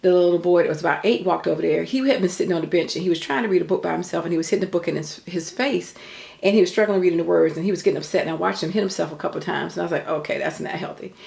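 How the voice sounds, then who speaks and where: A woman's voice: on the low side, steady tone, racing, gravelly, a little mellow, reverberant. An older woman telling a story in an earnest, chatty way, full of faith talk. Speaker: vlogger. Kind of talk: casual storytelling.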